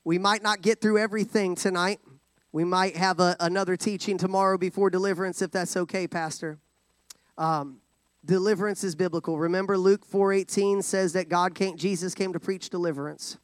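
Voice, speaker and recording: A man's voice: high voice, fairly even intonation, a little fast, no echo. A man preaching a sermon in a folksy, joking way, calling for responses from the congregation. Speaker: guest preacher.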